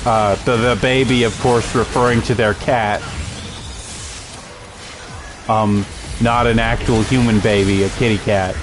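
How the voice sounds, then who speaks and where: A man's voice: fairly low pitch, fairly even intonation, unhurried, pauses often, music in the background. A man casually commenting over a game he is playing, telling rambling, amused stories. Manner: rambling, amused storytelling with fillers. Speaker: gameplay streamer.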